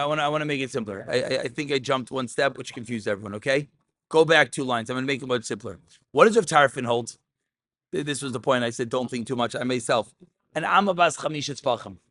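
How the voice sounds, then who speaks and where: A man teaches a Talmud class in an animated style, weaving Aramaic terms into his English and raising his voice for emphasis. His voice is mid-range, and the recording is dry.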